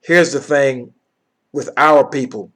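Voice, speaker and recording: A man's voice: mid-range voice, steady tone, slow, a bit bright. A man teaching from the Bible, reading verses aloud and then explaining them in plain words, often checking in with his listeners.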